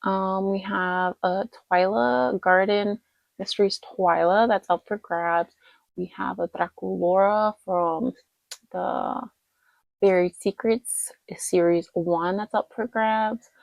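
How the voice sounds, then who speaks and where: A woman's voice: mid-range voice, fairly even intonation, slow, gravelly, no room sound, poor audio. A woman casually reviewing dolls in a rambling, chatty vlog, tired late at night. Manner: chatty and rambling, lots of fillers and self-corrections. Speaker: doll collector vlogger.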